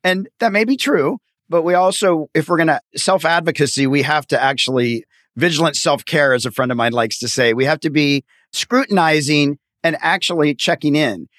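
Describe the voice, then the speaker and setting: A man's voice: a little high, normal speed, fairly bright tone, no echo, studio quality. A man hosting an interview, chatting casually and acting out quoted voices in a friendly way. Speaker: podcast host and accountant.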